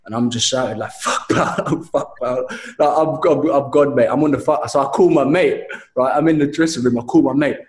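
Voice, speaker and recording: A man's voice: mid-range voice, fairly quick, hardly any pauses, roomy sound. A young man telling a story animatedly in a casual chat, with frequent restarts and slang. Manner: animated storytelling, says mate a lot.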